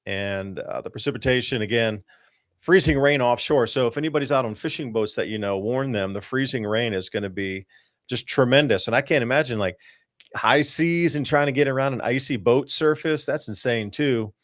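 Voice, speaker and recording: A man hosting a talk show, talking through weather charts in an excited, emphatic and rambling way. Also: medium pitch, a little fast, no room sound, studio quality. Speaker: host.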